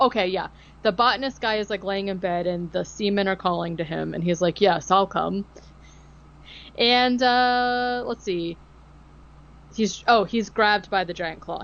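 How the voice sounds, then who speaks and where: Woman, podcast co-host, casual rambling recap, sarcastic, mid pitch, muffled lo-fi sound. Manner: rambling, sarcastic, lots of fillers. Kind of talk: casual movie recap chat.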